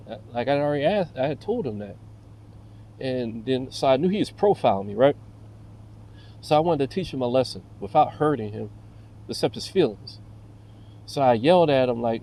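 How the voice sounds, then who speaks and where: Agitated man ranting, dark voice. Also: mid-range voice, a little fast, low-quality recording. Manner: profane, agitated storytelling, heavy fillers. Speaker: vlogger. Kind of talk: casual rant to camera.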